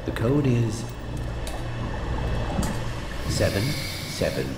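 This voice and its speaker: An actor voicing a gruff male gang go-between in a video game, speaking slowly and deliberately. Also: fairly low pitch, sing-song, heavily acted. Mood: flat. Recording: echoey, noisy game audio.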